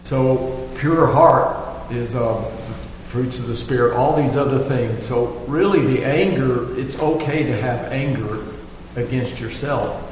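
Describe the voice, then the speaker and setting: A man in a Bible study group speaking slowly and deliberately, pausing between phrases. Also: medium pitch. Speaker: class member. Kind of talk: group discussion. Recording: very echoey hall with faint noise.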